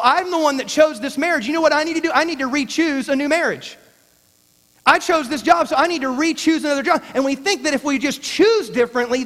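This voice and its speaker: A man's voice: extremely high pitch, a bit bright. A male pastor delivering a sermon in a conversational, folksy way with jokey asides. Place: church sanctuary. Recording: church hall reverb.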